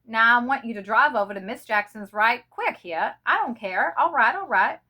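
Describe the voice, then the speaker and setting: A woman's voice: mid-range voice, animated, a little slow, pushed and bright. Woman reading as a homesick Southern lieutenant. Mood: firm. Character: young Southern male army lieutenant, homesick.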